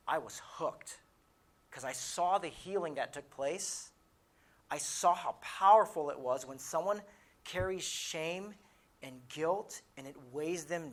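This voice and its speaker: A man's voice: medium pitch, a bit bright. Storytelling male military chaplain. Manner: conversational storyteller with frequent restarts and quoted dialogue. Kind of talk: storytelling talk at a training session. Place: lodge conference room.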